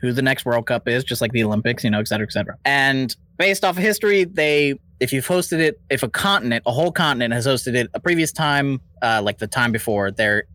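A man's voice: medium pitch, fast talker, hardly any pauses, pushed and bright, no room sound. A man co-hosting a podcast, explaining a topic at length in a rambling, casual way with many fillers. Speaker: podcast co-host presenting the topic.

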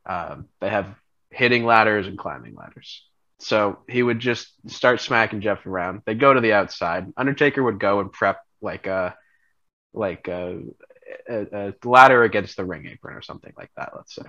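A lower-pitched man with a bright, forceful tone walks through a made-up storyline in casual podcast chat. He rambles and restarts as he goes, and his voice is a little dull on a lo-fi mic. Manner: rambling, animated storyteller, laughs often. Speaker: podcast co-host.

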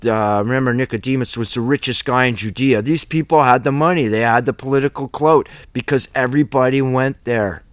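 A man's voice: medium pitch, fairly quick, few pauses, no room sound. A man teaching a Bible study in an informal, rambling, emphatic way, full of asides and rhetorical questions.

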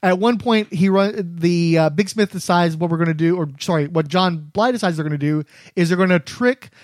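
A man's voice: high voice, brisk, dry recording, studio quality. A man co-hosting a podcast, casually recapping an episode and often correcting himself mid-sentence. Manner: rambling, self-correcting recap. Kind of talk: casual chat.

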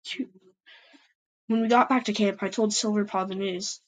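A woman's voice: mid-range voice, steady tone, moderate pace, rough recording. A woman narrating an amateur fan story and chatting to listeners, hesitant and full of fillers. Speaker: storyteller and channel host.

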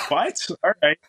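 A former hockey player in his thirties from Canada recounts his past in a relaxed interview. His voice is bright and forward. He talks haltingly, full of fillers and restarts, and breaks into laughter often. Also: poor audio. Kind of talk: casual interview storytelling.

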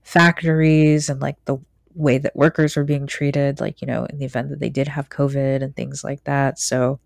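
A woman's voice: a bass voice, little pitch movement, moderate pace, creaky, a little mellow, no room sound. A woman co-hosting a casual podcast chat about astrology, laid-back and hesitant, trailing off with fillers. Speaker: podcast co-host.

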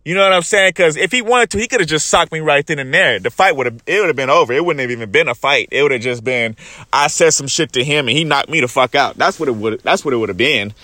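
A man's voice: on the high side, expressive, quick pace, bright, forceful tone, no room sound, studio quality. Fired-up, profane man talking into a phone. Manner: profane, fired-up, repeatedly addresses "guys". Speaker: vlogger. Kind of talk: passionate storytelling monologue.

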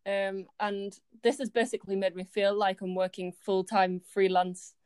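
A woman's voice: mid-range voice, flat delivery, moderate pace, darkish tone, smooth, no echo, studio quality. A woman in her twenties from Yorkshire, a student chatting as an interview guest, with frequent ums and easy laughter. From Yorkshire, England. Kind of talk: casual interview chat.

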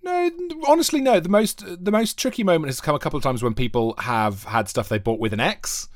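A man's voice: on the high side, animated, fairly quick, no room sound, studio quality. A man, a podcast host, chatting as an interview guest and telling rambling, enthusiastic anecdotes.

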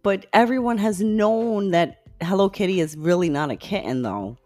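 A woman's voice: mid-range voice, animated, moderate pace, darkish tone, no echo, soft background music. A woman co-hosting a casual chat show, bantering and laughing often. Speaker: podcast co-host.

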